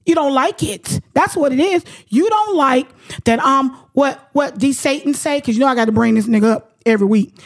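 A woman's voice: high-pitched, brisk. A woman hosting a radio talk show, outspoken and profane, ranting in heated casual chat.

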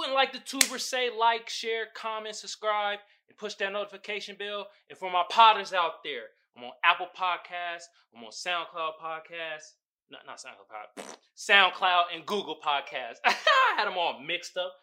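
He's a young man running a solo podcast, swearing, stressing his points and leaning on slang in casual talk. The pitch is high and the tone bright and forceful.

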